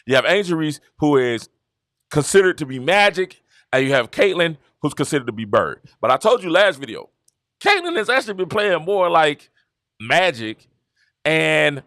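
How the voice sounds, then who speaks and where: A man from Georgia, hosting a casual sports talk stream and telling stories in an animated, repetitive way. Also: sits high, no room sound, studio quality. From Georgia, USA. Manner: animated, repetitive storytelling with laughs. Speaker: show host. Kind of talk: casual commentary livestream.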